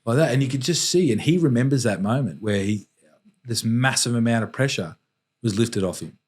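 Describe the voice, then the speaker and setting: A man, a podcast guest telling personal stories in a candid, reflective way with halting restarts. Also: medium pitch, lively intonation, husky. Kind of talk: candid storytelling in conversation.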